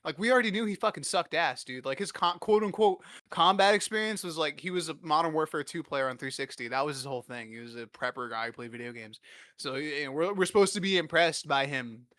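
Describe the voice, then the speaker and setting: Young man, podcast host, rapid-fire rambling, crude self-deprecating humor, bright edgy tone, close dry mic. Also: on the high side, no room sound. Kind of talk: casual comedic storytelling.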